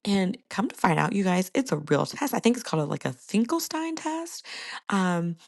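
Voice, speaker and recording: A woman's voice: mid-range voice, lively intonation, moderate pace, creaky, darkish tone. A young woman hosting a casual solo podcast, chatting to listeners and laughing often. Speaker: podcast host.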